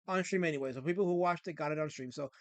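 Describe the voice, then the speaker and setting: A man hosts a casual livestream and answers viewer comments with sarcastic, mock-offended rants. His voice sits high for a man, and the sound is dry and close. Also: rapid-fire, no echo. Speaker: livestream host.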